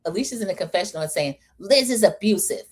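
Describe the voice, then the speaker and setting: This host, a woman with a mid-range, slightly rough voice, talks fast through a casual reality TV recap. Chatty and opinionated, she animatedly quotes and acts out what the cast said.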